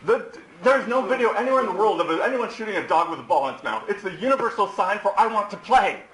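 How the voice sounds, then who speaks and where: A hoarse man in his forties, a defendant addressing the court in a heated, accusatory rant. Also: high-pitched, lively intonation, quick pace, a bit bright. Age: 40s. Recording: echoey courtroom recording.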